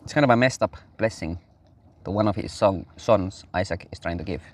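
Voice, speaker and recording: A man's voice: low voice, brisk. A man reading a Bible passage aloud and breaking off into casual commentary with fillers and restarts. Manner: reads aloud, breaks off into loose asides with fillers. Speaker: Bible study host.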